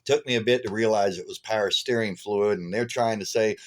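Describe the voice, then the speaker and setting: A man with a lowish voice tells a story in casual vlog style, meandering and full of fillers. He sounds tired and chuckles his way along. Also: brisk. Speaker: vlogger.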